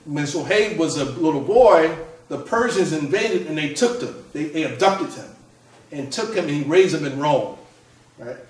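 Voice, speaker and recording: A man, an author and scholar, lecturing in an explanatory way. He often checks in with a rhetorical "right?" and restarts his phrases. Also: on the high side. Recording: echoey room, mic at a distance.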